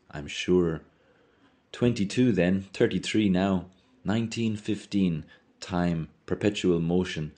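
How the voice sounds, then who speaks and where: A man narrating a literary tale in a measured, dramatic, solemn reading. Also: low voice, a little mellow. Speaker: reader.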